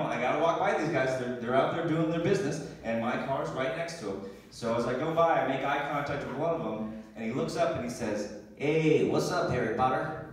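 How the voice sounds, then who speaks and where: Animated, profane man telling a story live. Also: fairly high pitch. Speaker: comedian guest. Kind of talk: stand-up storytelling on a live podcast. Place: small venue with live audience. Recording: echoey room, mic picked up from a distance.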